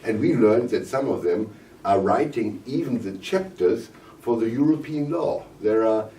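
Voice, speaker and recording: A man with a German accent, hoarse and coughing, speaking haltingly at a press conference with many fillers and restarts. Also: medium pitch, animated, warm tone, slight background noise. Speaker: visiting parliamentarian at a press conference. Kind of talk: press conference remarks in English. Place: conference room. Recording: roomy, distant mic, faint ambience.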